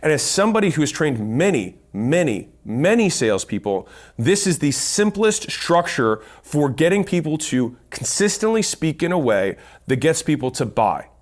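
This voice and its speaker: A man's voice: a little high, sing-song, normal speed. A man giving a blunt instructional talk on sales, counting points off and swearing casually. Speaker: business speaker teaching sales. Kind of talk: instructional monologue.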